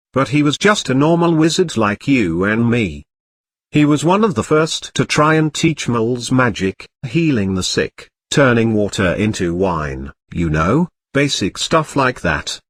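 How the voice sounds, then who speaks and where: Brief: chatty know-it-all boy wizard, read by a man, animated delivery, dry close sound. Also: medium pitch, takes it slowly, breathy edge, dry recording, exaggerated voice. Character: boy wizard, sarcastic, easily amazed.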